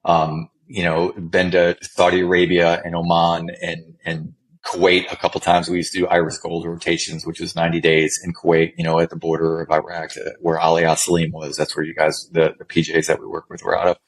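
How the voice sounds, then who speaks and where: A man's voice: deep voice, completely flat delivery, a little fast, poor audio. A middle-aged man, a former special forces medic, telling stories as an interview guest in a casual, rambling way with many restarts and some swearing.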